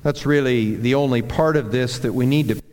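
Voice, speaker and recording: A man preaching a sermon as a pastor, slow and deliberate, building emphasis through repeated phrases. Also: medium pitch, darkish tone. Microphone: handheld or clip mic that slipped. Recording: long hall reverb.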